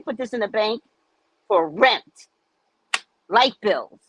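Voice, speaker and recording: A woman's voice: a little high, expressive, slow pace, long pauses, muffled recording. A woman hosting a casual commentary show, talking in a sassy, emphatic, lecturing way. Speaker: host.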